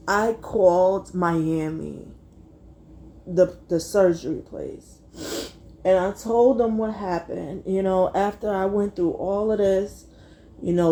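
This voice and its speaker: A young adult woman telling a personal story to her viewers, fighting back tears and speaking haltingly. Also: lowish voice, mellow. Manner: tearful, halting, addresses viewers as y'all. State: close to tears. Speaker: vlogger.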